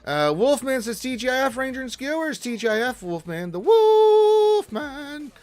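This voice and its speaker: A man hosting a casual gaming livestream, greeting viewers by name and answering chat questions in a jokey, animated way. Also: extremely high pitch, brisk. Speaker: livestream host reading chat.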